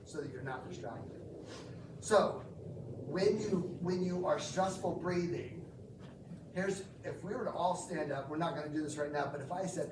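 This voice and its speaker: A man's voice: on the high side, moderate pace, background noise. A man instructing a group in breathwork, explaining and asking the group questions. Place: gym or team room. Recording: echoey room, from far off.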